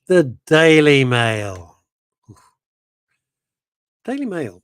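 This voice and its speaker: A man's voice: a little high, sing-song, very slow, clean tone, no room sound, studio quality. A middle-aged man hosting a radio show, chatting casually in a rambling, self-interrupting way and reading out listener messages.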